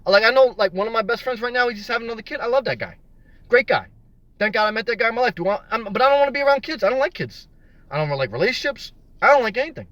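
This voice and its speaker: A man's voice: very high-pitched, very animated, very fast, a bit bright, dry recording, highs cut off. A man live-streaming from his car, reading viewer comments aloud and rambling and joking about being single. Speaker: vlogger answering live chat. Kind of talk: casual live-stream chat. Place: in his car in a parking lot.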